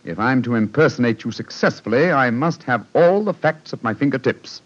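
An actor playing a brisk, self-assured English detective in a 1940s radio drama, on a dull old radio recording. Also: male voice, medium pitch, expressive, lightly acted.

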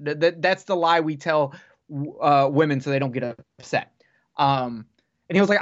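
A man chats casually on a podcast, spinning long rambling stories and swearing freely. His voice sits a little high. The recording sounds dull and lo-fi. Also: moderate pace. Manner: rambling, profane, animated storyteller. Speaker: podcast guest. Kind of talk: casual storytelling chat.

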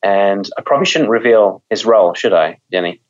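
Male author guest, low voice, muffled lo-fi audio, thoughtful and chatty. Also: expressive, normal speed. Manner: thoughtful, repeats words while thinking. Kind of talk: conversational interview.

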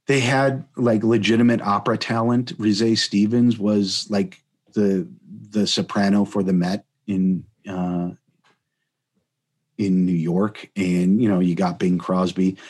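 A man's voice: fairly low pitch, level tone, takes it slowly. A man from Chicago hosting a casual podcast chat, rambling with many restarts. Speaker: podcast host.

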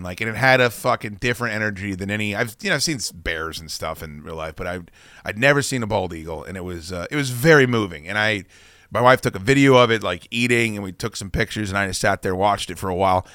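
Bright-voiced man telling stories. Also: fairly low pitch, fast talker, no echo, clean studio sound. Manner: profane, animated, rambling anecdotes. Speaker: podcast host. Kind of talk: casual storytelling chat.

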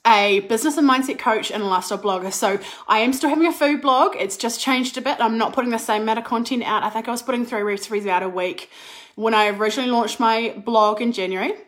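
Bubbly, excitable woman, slightly high. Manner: bubbly and excitable, laughs and restarts often. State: slight cold, clearing throat. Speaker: business and mindset coach, podcast host. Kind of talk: excited live-stream chat.

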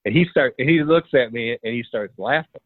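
A man telling a story in a casual, animated way, acting out the dialogue and chuckling as he goes. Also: mid-range voice, brisk, dry recording. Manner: animated, acts out quoted dialogue, chuckles often. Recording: tinny phone line, dry.

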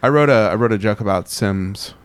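A man's voice: lowish voice, a little fast, smooth. A young man co-hosting a podcast in casual chat, drunk, rambling with lots of fillers, restarts and laughter. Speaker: podcast co-host.

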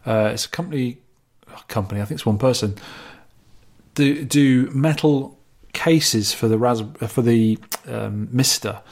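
Brief: podcast co-host, man, Dorset accent, husky and jokey. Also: medium pitch. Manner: jokey, banters and reads listener messages. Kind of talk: casual chat.

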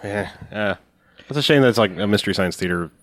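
A man's voice: on the low side, fast, dry recording. A man co-hosting a podcast, talking about movies in loose, rambling chat with frequent restarts. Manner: rambling, restarts often, animated. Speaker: podcast co-host. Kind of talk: casual chat.

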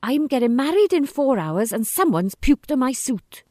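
A woman's voice: fairly high pitch, big pitch swings, a little slow, darkish tone, no echo, clean studio sound, voice pushed up. A woman voicing a panicky young groom who talks frantically in a raised voice, in a storybook reading. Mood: frantic. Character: panicky young groom after a stag night.

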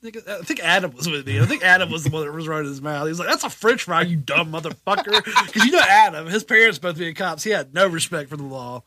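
A man's voice: on the high side, fast, few pauses, bright, forceful tone. A man co-hosting a podcast, bantering crudely and laughing often. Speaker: podcast co-host. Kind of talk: casual banter.

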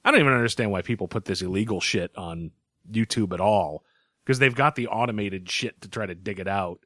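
A man's voice: fairly low pitch, fairly quick, pushed and bright, no echo, studio quality. A man hosting a podcast, chatting casually, joking and swearing freely. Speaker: podcast host.

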